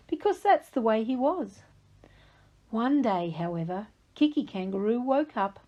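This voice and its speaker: A woman reading a children's story aloud, slow, clear and expressive, speaking to young kids. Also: a little high. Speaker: reading teacher.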